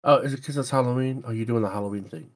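A man co-hosts a gaming podcast with easy, teasing banter and frequent laughs. His voice sits at a middle pitch. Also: racing, a crowd in the background. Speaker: podcast co-host. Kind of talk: casual gaming podcast chat.

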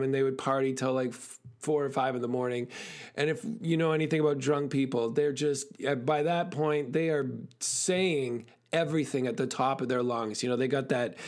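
A man giving a motivational talk who tells stories in quick, animated bursts with frequent fillers. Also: mid-range voice. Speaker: speaker.

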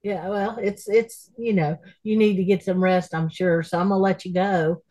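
Woman, rambling caring chat, mid pitch. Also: fairly even intonation, normal speed, warm tone, rough recording. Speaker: podcast co-host. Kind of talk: casual chat.

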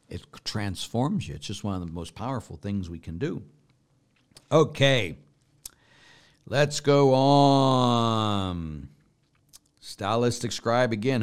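A priest with a fairly low male voice talks through viewer questions in a relaxed, conversational way. He reads each question aloud, then answers in plain words and walks the listener through an imagined scene one step at a time. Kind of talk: casual spiritual Q&A, reading questions aloud.

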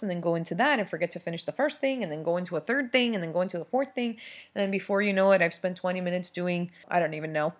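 A young adult woman, a mother of twins, talking casually and candidly about parenting, with lots of fillers and frequent laughs. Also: lowish voice. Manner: chatty and candid, many fillers, laughs often. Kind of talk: casual monologue.

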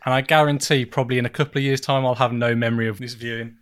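A man's voice: medium pitch, fairly even intonation, rapid-fire, fairly bright tone. A man chatting casually about films as a podcast host. He rambles and mocks himself, laughing between thoughts. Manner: rambling, self-mocking, laughs often. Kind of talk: casual chat.

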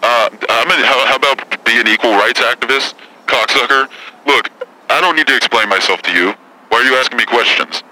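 A man's voice: medium pitch, brisk, sharp tone, slight background noise, poor audio. A man doing a crude, hot-tempered celebrity woman caller. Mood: combative. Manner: profane, combative, rambling. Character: brash foul-mouthed celebrity woman caller. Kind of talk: prank call impression.

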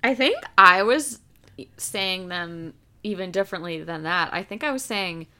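Bright, lively-voiced chatty woman. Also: on the low side, a little slow. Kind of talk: casual chat.

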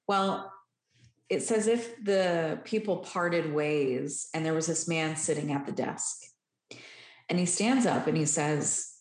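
Low, slow-talking woman telling her story. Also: steady tone. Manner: earnest, candid, emotional storytelling. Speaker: guest sharing recovery story. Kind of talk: personal storytelling. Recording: roomy echo.

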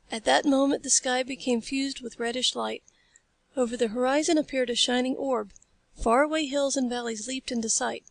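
Gravelly woman reading an audiobook. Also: high voice, steady tone, moderate pace, no echo. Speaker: audiobook reader. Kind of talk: scripted narration.

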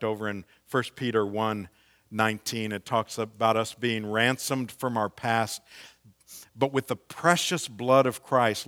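Slow, deliberate male preacher. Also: on the low side, fairly bright tone. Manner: slow, deliberate preaching with emphatic scripture reading. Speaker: pastor. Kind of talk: sermon.

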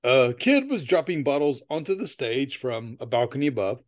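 A man's voice: medium pitch, big pitch swings, moderate pace. A man co-hosting a podcast in casual chat, telling stories in a rambling way, laughing often and swearing casually. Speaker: podcast co-host.

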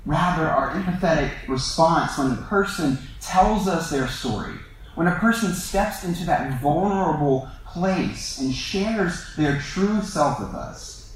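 A man's voice: fairly high pitch, expressive, measured pace, a little hiss or hum. A man preaching a sermon in a loose, conversational way, full of fillers and self-deprecating asides. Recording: echoey room, voice from far off.

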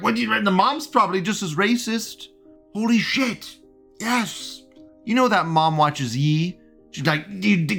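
Man, livestream host, casual rambling commentary, frequent laughter, somewhat high pitch. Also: a bit bright. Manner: laughs often, rambling and repetitive; reads out chat messages in a mocking tone. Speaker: live show host.

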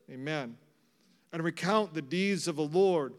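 A middle-aged male pastor giving a sermon, moving between loud proclamation and hushed, intimate passages. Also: on the high side, normal speed. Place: church sanctuary. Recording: long hall reverb.

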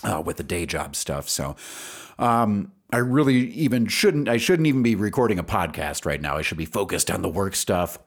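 A man hosting a solo podcast, talking casually in a rambling, self-deprecating way with many fillers, feeling stressed and anxious. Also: fairly low pitch. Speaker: podcast host.

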